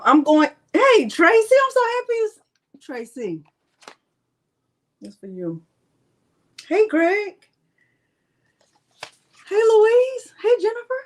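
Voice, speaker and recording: A middle-aged woman hosting a crafting livestream, chatting casually and playfully as she calls out viewers by name. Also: high-pitched. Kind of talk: casual live-stream chat.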